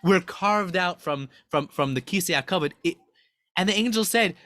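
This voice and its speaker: Bright, excited male Torah teacher. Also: sits high, moderate pace, dry recording, clean studio sound. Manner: excited, dramatic retelling. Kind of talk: animated Torah class storytelling.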